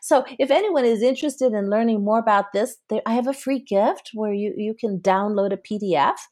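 Female therapist guest, husky timbre, mid pitch, anecdotal and animated. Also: brisk. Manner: storytelling, acting out client dialogue, frequent laughs. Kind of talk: conversational podcast interview.

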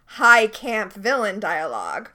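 A woman co-hosting a podcast, recapping a TV episode in a quick, chatty way with playful asides. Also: medium pitch, big pitch swings, sharp tone. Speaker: podcast co-host. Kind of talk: casual chat recapping a TV episode.

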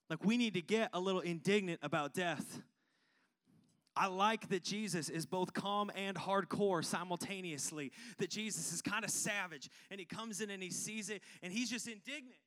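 A man preaching a sermon, fervent and chatty, calling out to the congregation and swinging from hushed tones to loud ones. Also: sits high. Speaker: pastor.

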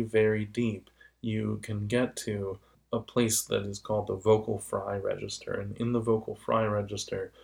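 Man, low voice, gravelly fry, patient casual explainer. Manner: patient, illustrates with vocal demonstrations. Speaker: explainer of voice and sound.

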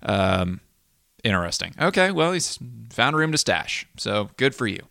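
A man's voice: on the low side, sing-song, a little slow, creaky, pushed and bright, no room sound, studio quality. A man hosting a fantasy football league podcast, recapping in a chatty, rambling way with lots of ums and restarts. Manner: chatty and rambling, with frequent ums and self-corrections. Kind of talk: casual solo podcast recap.

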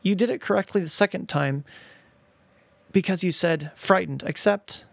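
A man's voice: high-pitched, vocal fry, no echo, voice pushed up. A man voicing his three-year-old son, an earnest little boy who stops and restarts as he corrects a bedtime rhyme. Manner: earnest, literal, halting self-corrections.

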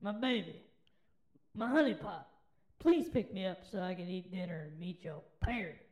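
A man's voice: high voice, animated, moderate pace, a little mellow, voice pushed up. A man voicing a smarmy male frog suitor in a comic retold fairy tale, all flirty sweet-talk. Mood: crooning. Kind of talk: comic storytelling with voices.

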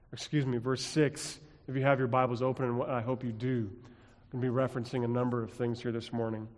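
Pastor preaching in a reverberant church. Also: male voice, mid-range voice. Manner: dramatic storytelling with quiet drops and rising emphasis. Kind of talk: sermon. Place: church sanctuary.

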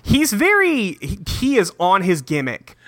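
A man co-hosting a casual podcast, recapping a cartoon episode in a profane, joking way and tossing in quick quoted lines. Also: sits high, wildly swooping pitch, a bit bright. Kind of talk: casual chat.

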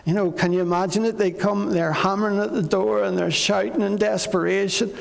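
A man's voice: sits high, moderate pace, vocal fry, long reverb tail. A man preaching a sermon as pastor, earnest, repeating phrases and acting out pleas.

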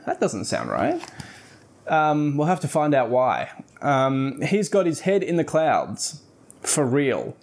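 A man's voice: fairly high pitch, a little mellow. A man hosting a podcast, casually retelling a book's plot with wry asides. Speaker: podcast host. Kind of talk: casual book review podcast.

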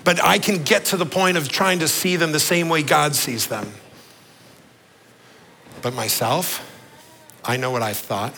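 A male pastor preaching a sermon, earnest, slowing down and dropping his voice low on the key words. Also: creaky, pushed and bright, a little hiss or hum, poor audio.

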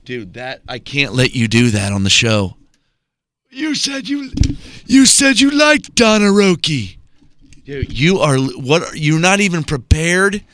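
A podcast co-host who sounds fed up with his partner. He scolds him in an exasperated, deadpan tone. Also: on the high side, slow, dry recording, studio quality. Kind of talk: comedy podcast banter.

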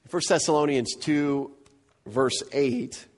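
A male pastor preaching a verse-by-verse sermon, animated and emphatic, often repeating words to drive a point home. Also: a little high, slow, faint music behind.

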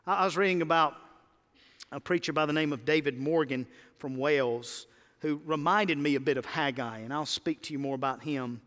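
A man preaching a sermon as pastor, leading his congregation in call-and-response and swinging between emphatic peaks and quiet low lines. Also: moderate pace, big-room sound. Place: church sanctuary.

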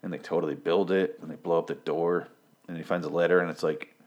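A young man with a fairly low voice, talking through a casual recap of a show. He is sarcastic and profane and rambles with frequent ums and uhs. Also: flat delivery, fast, a little mellow. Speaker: TV episode recapper.

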